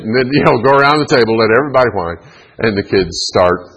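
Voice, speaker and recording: A man's voice: mid-range voice, fast talker, a bit bright, husky, rough recording. A middle-aged man giving a chatty parenting talk, laughing often and acting out kids and moms. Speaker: parenting speaker. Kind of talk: talk to an audience.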